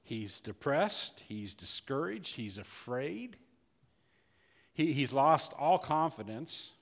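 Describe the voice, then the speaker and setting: A man's voice: medium pitch, big pitch swings, takes it slowly, gravelly. A man preaching a sermon as pastor, building intensity with many repeated words. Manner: preaching with rising intensity and frequent repetitions. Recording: long hall reverb.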